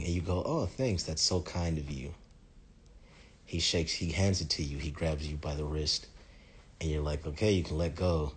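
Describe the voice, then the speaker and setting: A man with a very deep, husky voice talks through a casual vlog monologue. He tells a story in an animated, dramatic way and swears freely. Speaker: vlogger.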